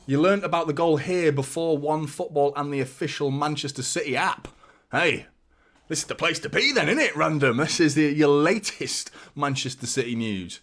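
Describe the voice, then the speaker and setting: A man hosting a live football watchalong, giving fan commentary and chatting to viewers, excitable and prone to swearing. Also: fairly high pitch, normal speed. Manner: chatty, addresses viewers as mate. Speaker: watchalong host. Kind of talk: live match commentary and chat.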